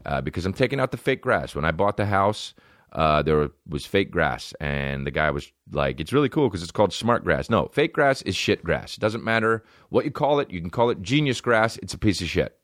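A man's voice: low voice, sing-song, moderate pace, a bit bright, no echo, clean studio sound. A young adult man hosting a comedy podcast, riffing in a profane, ranting monologue.

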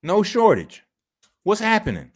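A high-voiced man with huge pitch swings hosts a video, unhurried as he gives casual commentary on clips. His style is emphatic, slangy and profane, with phrases repeated for effect.

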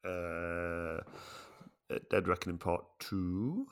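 A man co-hosting a podcast, chatting casually about films, easygoing and thinking out loud. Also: low voice, slow pace, clean tone. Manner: easygoing, short reactions, thinks aloud. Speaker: podcast co-host. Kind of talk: casual film chat.

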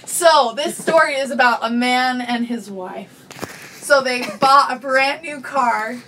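A woman's voice: high voice, takes it slowly, sharp tone, far from the mic, a little hiss or hum. A middle-aged woman chatting as a podcast guest, laughing often and telling a story with acted-out voices. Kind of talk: casual chat.

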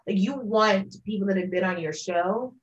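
A woman journalist talks casually as a podcast guest. Her speech is easygoing and full of "like"s, and her pitch sits in a middle range. The sound is slightly muffled and lo-fi. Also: moderate pace, a little hiss or hum. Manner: relaxed, filler-heavy, frequent "like". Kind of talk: casual interview conversation.

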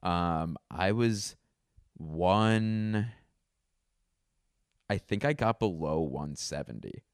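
A man's voice: low voice, drawn-out words, pauses often, smooth, no room sound, studio quality. A man around thirty talking in a casual, rambling monologue at home, often mocking himself and laughing. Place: indoors at home.

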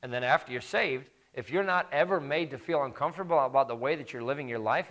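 Delivering a sermon, this pastor swings between forceful, loud highs and hushed lows. Whenever he stresses a point, his pace slows.

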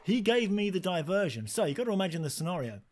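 A man, an actor and guest, tells an animated and self-mocking story in a casual interview, laughing as he goes. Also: high-pitched, fast talker.

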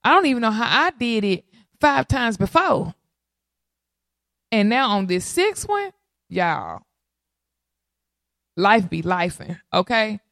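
A woman, casually telling viewers her birth story in an animated way, often calling out to them. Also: mid-range voice, takes it slowly, long pauses, no echo, studio quality. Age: 30s. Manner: animated, addresses audience as y'all. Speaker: mother sharing birth story.

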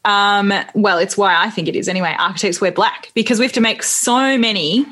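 A woman co-hosting a casual podcast, frank and quick with her asides. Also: medium pitch, bright, forceful tone. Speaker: podcast co-host, architect. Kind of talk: casual chat.

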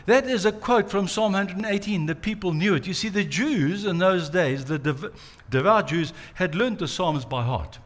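Male preacher, mid-high voice, dramatic storyteller. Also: normal speed, hardly any pauses. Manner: dramatic storytelling, acts out quotes. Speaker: pastor. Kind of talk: sermon.

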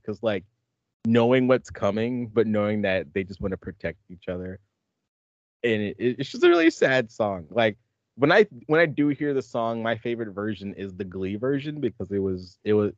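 A man's voice: fairly low pitch, expressive, moderate pace, no echo, lo-fi sound. A man hosting a podcast in casual chat, rambling and laughing often as he talks. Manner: rambling, laughs often, acts out movie lines. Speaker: podcast host.

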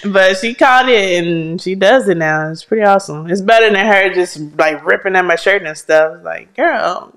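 A woman co-hosting a casual podcast, telling stories with animated quotes and frequent laughter. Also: mid-range voice, normal speed, hardly any pauses. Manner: animated storytelling, acts out quotes, laughs often. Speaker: podcast co-host. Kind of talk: casual chat.

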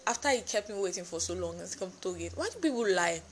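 A woman's voice: on the low side, lively intonation, fast talker, a little hiss or hum. A young woman with a Nigerian accent ranting casually to camera, frustrated and cursing, tripping over her words, exhausted and cold. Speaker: vlogger.

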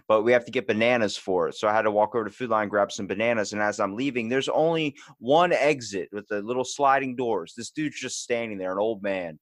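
A man in casual podcast chat, telling animated stories about everyday run-ins. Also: on the low side, no room sound. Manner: fast-talking, animated storytelling. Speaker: podcast guest.

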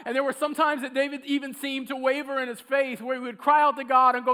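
A man preaching a sermon, telling a story with animated, acted-out quotes. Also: very high voice, quick pace, few pauses.

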